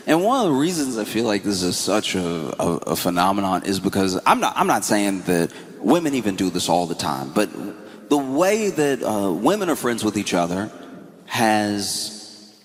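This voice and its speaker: A man performing stand-up comedy, telling stories and acting out his friends' startled phone replies in high excited voices. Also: moderate pace, in a large hall, slight background noise. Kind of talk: stand-up storytelling.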